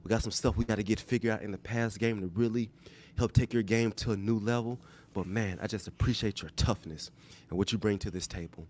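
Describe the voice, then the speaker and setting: A man's voice: lowish voice, darkish tone, lightly acted. A man doing a sincere older football coach. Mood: reassuring. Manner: earnest, measured, reassuring. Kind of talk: impression in a podcast bit.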